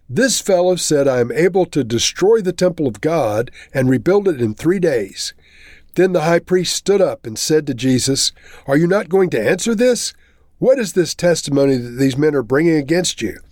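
A man's voice: a little high, very animated, moderate pace, a little mellow, dry recording, studio quality. A man reading a Bible chapter aloud and then explaining it in a plain teaching manner.

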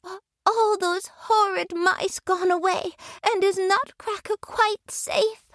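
A woman's voice: fairly even intonation, takes it slowly, a bit bright, no room sound, studio quality, exaggerated voice. A woman voicing a frightened, pleading young girl in a storybook reading. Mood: anxious. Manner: high, tearful and breathless.

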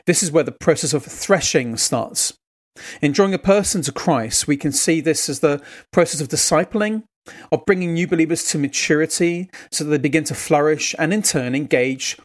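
A man preaching a sermon, telling a family story in a conversational, earnest way. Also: a little high. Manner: earnest, exhortative.

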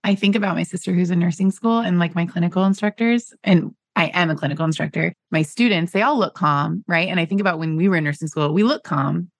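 A woman nurse educator chats quickly on a podcast. Her voice is low with lots of vocal fry, and the sound is dry and close. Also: no echo. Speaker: nurse and clinical instructor, podcast co-host. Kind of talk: casual podcast chat.

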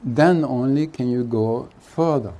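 A man speaking as a spiritual teacher at a retreat, giving an unhurried satsang talk with jokes and chuckling between his thoughts. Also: mid-range voice, warm tone. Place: retreat hall.

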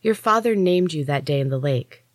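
A woman voicing a stern young female warrior healer who speaks in a cold, clipped, commanding way, set noticeably higher than her own reading voice. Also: animated, normal speed, dry recording. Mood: grudging.

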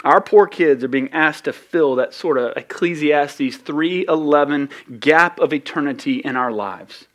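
A man preaching a sermon as pastor, conversational and animated, rising to loud peaks and dropping low. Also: a little slow, hardly any pauses.

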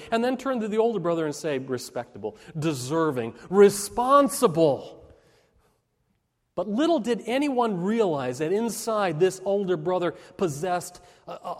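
Pastor, male, high voice, earnest sermon delivery, long hall reverb. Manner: earnest preaching with emphatic rises and slowed, dropping phrases.

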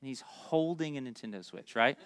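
Animated, jokey preacher man. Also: mid-range voice, clear, resonant tone, dry recording. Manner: animated, jokey storytelling with quick asides. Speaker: pastor. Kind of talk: sermon.

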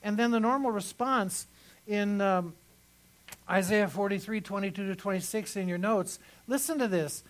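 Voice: medium pitch, moderate pace, rough recording. Pastor, mid-range voice, chatty sermon delivery that leans on repetition. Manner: conversational, repeats phrases for emphasis.

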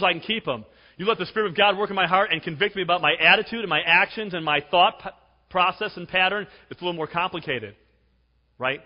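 A man in his forties preaching a sermon as pastor, chatty and jokey, often tagging "right?". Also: on the high side. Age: 40s. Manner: conversational, jokey, repeats "right?". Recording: dull sound with long hall reverb.

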